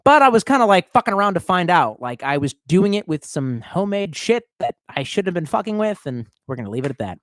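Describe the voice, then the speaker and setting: A man's voice: high voice, sing-song, fast, few pauses, dry recording. A tipsy man streaming live, reading out chat and rambling in a profane, off-the-cuff way. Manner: profane, rambling, swerving between mumbles and outbursts.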